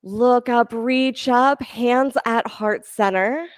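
A woman yoga instructor giving calm, encouraging cues for breath and poses during a class. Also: a little high, slow pace, smooth, no echo, studio quality.

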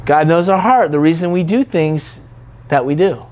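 A man's voice: fairly high pitch, moderate pace, a little mellow. A man preaching a sermon in a conversational way, teasing and mimicking what others say in prayer.

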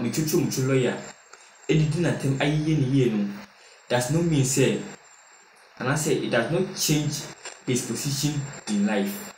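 A man's voice: medium pitch, a little mellow, recorded from a distance, a little hiss or hum. Man, Ghanaian accent, news presenter, echoey room, set back from the mic. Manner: reads quoted statements then explains them. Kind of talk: news commentary mixing Twi and English. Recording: roomy echo from off-mic, faint ambience.

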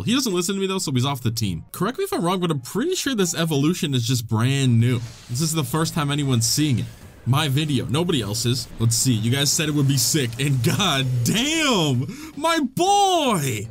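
Excitable young man gaming commentary. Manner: excitable, swears, laughs, voice jumps high when tense. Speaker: gaming YouTuber. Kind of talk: let's play commentary.

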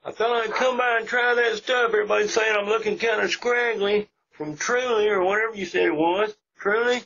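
A man's voice: high-pitched, steady tone, a little fast, gravelly, a bit bright, slightly rough, heavily acted. A man voicing a whiny, begging father pleading outside a locked door, in a comedic meme video, recorded as muffled lo-fi audio with faint music. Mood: coaxing.

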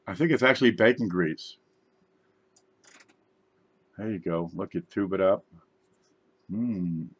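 Low-voiced joking man unboxing. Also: slow, long pauses, slightly rough. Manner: joking, rambling, tall tales. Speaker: YouTube channel host. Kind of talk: casual unboxing chat.

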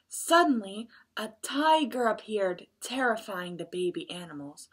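A woman librarian reading a picture book aloud at children's story time, expressive and adding chatty asides for the kids. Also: medium pitch, a little slow, hardly any pauses, breathy edge.

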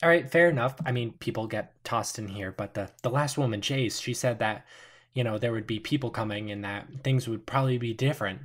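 A man voicing a jumpy, foul-mouthed woman who hides with a knife and fires off shrill, panicky questions. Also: brisk, close to an everyday voice. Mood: wary.

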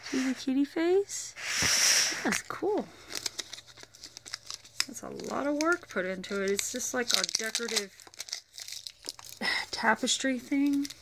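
A woman's voice: sits high, lively intonation, takes it slowly, pauses often, heavy background noise. A woman chatting casually as she unboxes toys, rambling and thinking aloud. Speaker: toy reviewer.

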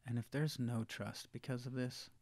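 A man co-hosting a parenting podcast, reacting quickly and then making his points in a softer, reflective way. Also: mid-range voice, fairly even intonation, no echo. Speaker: podcast co-host. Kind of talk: casual conversation.

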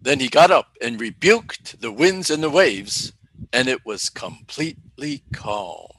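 A man delivers a teaching sermon at an unhurried pace, his pitch rising and falling a lot. His voice is bright and a little husky. He often asks a question and then answers it. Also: very animated, rough recording. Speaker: Bible teacher.

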